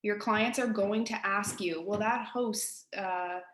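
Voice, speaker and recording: A woman's voice: medium pitch, fairly even intonation, a little slow, a bit bright, roomy sound, a little hiss or hum. Chatty East Coast Canadian woman teaching. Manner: chatty, direct, addresses listeners as guys. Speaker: real estate agent teaching colleagues. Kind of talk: casual software tutorial.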